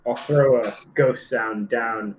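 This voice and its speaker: A man's voice: mid-range voice, slow pace. A friendly, laid-back man playing in a tabletop game, chatting casually. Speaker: player. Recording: dull lo-fi mic with hiss.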